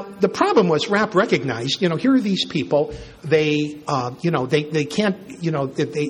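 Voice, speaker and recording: Husky older priest telling stories. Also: male voice, a little high. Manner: conversational, anecdotal, with chuckles. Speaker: priest and church historian. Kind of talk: informal history talk.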